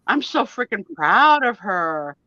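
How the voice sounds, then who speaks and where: A woman's voice: medium pitch, very animated, slow pace, bright, forceful tone, no echo. A woman in her fifties, a guest on a live chat show, telling a story in a gushing, emotional, chatty way with mild swearing. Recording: dull lo-fi, dry sound.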